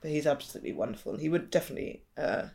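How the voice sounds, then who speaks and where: A guest on a podcast chats casually in a middling pitch. The speech is hesitant, full of ums, and often trails off. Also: lively intonation, rapid-fire, vocal fry, a little mellow. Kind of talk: casual chat.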